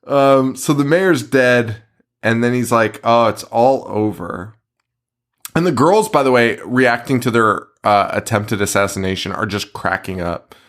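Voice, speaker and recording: Slow-talking man recapping a film. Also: mid-range voice, fairly bright tone. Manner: laughing, profane movie recap. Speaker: podcast co-host. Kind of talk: casual chat.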